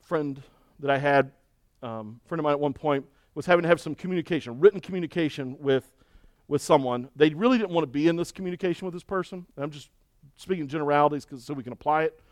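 A man's voice: a little high, quick pace, darkish tone, dry recording, studio quality. Emphatic folksy pastor man preaching. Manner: emphatic and folksy, with rhetorical questions and repetition. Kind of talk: sermon.

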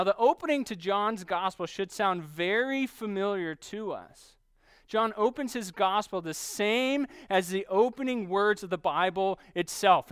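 A man preaching a sermon, teaching steadily and slowing down to stress key phrases. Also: high-pitched, fairly bright tone, smooth, no room sound. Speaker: pastor.

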